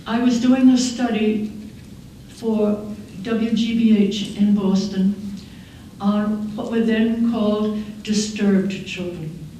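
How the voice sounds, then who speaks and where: An older woman giving a keynote speech, telling stories in a measured, wry way, recorded in a large conference hall. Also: medium pitch, warm tone, a little hiss or hum. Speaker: keynote speaker. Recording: echoey hall from far off.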